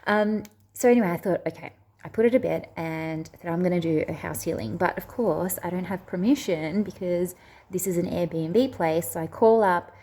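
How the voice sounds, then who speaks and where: On her own spiritual video channel, a woman with a lowish, darkish voice shares a personal story to camera. Her telling is chatty and wandering, with frequent hesitations and restarts.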